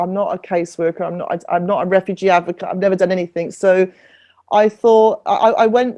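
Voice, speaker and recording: A woman's voice: fairly low pitch, mellow. A middle-aged woman telling her story as a podcast guest, earnest and full of restarts. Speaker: singer-songwriter and refugee advocate, podcast guest. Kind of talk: conversational podcast interview.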